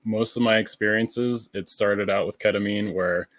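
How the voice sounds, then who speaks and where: A man speaking as a podcast guest, relaxed and thoughtful, with plenty of "like" and "you know". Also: fairly low pitch, moderate pace, no room sound. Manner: relaxed, thoughtful, many fillers. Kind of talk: casual chat.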